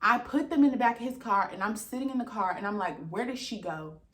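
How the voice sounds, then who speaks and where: A young vlogger with a fairly high voice talks fast in a reverberant room, casually recounting an exasperating story. She acts out quoted dialogue and swears along the way, animated and fed up.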